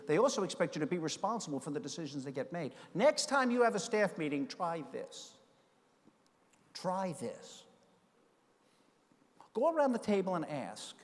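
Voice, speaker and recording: A middle-aged man giving a conference keynote, telling a story and acting out the dialogue with lively energy. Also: a little high. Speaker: keynote speaker. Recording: long hall reverb.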